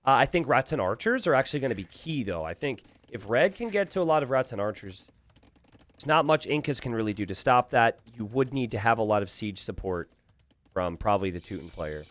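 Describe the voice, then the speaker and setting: A man casting a live strategy game, thinking aloud with animated asides to his viewers. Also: mid-range voice, fairly quick. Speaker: game caster.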